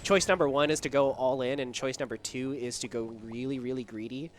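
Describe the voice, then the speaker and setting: A man casting a live esports match, excitable and jokey, laughing often between quick calls of the play. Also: mid-range voice. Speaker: esports caster.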